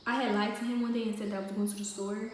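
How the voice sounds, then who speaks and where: A woman's voice: mid-range voice, flat delivery, racing. A woman telling a personal story in a casual storytime vlog. She talks in a chatty way with many fillers. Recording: very echoey room, distant mic, faint noise.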